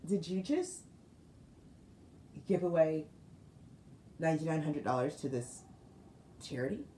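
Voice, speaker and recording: A woman's voice: sits low, sing-song, a little slow, mellow. Woman playing a gold-digging college girl, pushy and incredulous, roomy room. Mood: disbelieving. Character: money-minded young woman student. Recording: roomy room with faint noise.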